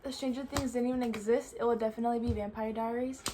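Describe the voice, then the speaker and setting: Girl chatting casually for a vlog, says like constantly, kinda high voice. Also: fairly even intonation, quick pace, heavy background noise. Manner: chatty, filler-heavy with frequent "like". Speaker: vlogger answering viewer questions. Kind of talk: casual chat.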